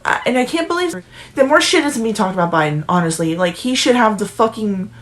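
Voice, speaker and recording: A woman's voice: mid-range voice, expressive, brisk. A young woman in her twenties ranting angrily about politics in a vlog, swearing constantly and close to tears. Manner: profane, emotional, ranting, restarts often. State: near tears. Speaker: political commentary vlogger. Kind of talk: angry political rant vlog.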